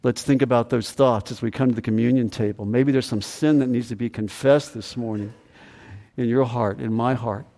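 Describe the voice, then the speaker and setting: A man's voice: mid-range voice, fairly even intonation, moderate pace, dark tone, long reverb tail. A man preaching a sermon as pastor, emphatic, repeating phrases and asking the congregation questions. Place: church sanctuary.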